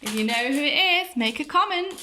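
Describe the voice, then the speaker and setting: A woman's voice: high-pitched, expressive, fairly quick, background noise. A woman narrating a toy unboxing in a casual way, gushing and enthusiastic as she talks to viewers.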